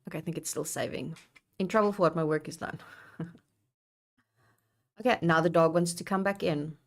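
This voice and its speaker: A woman's voice: sits low, normal speed, gravelly. A young woman streaming live, chatting casually as she works, reading chat aloud and swearing offhandedly. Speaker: livestreamer building a map.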